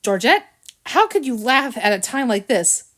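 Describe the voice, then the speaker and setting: A woman voicing a gruff, blustering male bulldog who talks pompously in a storybook. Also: fairly high pitch, sing-song, moderate pace, a bit bright, pitched above the performer's own voice. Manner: pompous, mumbling.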